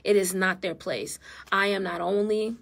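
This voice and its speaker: A woman's voice: medium pitch, steady tone, moderate pace, creaky. A married mother and therapist, talking earnestly and with feeling in a casual live stream from her phone. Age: adult, married mother. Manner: earnest, heartfelt, emotional. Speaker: therapist and vlogger.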